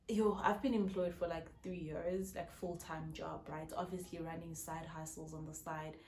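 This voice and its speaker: A young woman in her twenties with a South African accent, telling a story in an excitable, chatty vlog style at home. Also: fairly low pitch. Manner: excitable, many fillers like "yo, guys". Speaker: vlogger. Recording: roomy echo.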